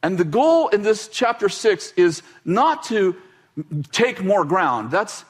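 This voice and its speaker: High-voiced man preaching casually. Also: slow. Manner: conversational, animated preaching with quoted voices. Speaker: pastor. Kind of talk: sermon.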